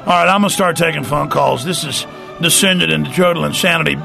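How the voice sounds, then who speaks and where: Gravelly ranting talk radio host. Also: male voice, on the high side, over music. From Texas. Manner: fast, ranting, slips into mocking put-on voices.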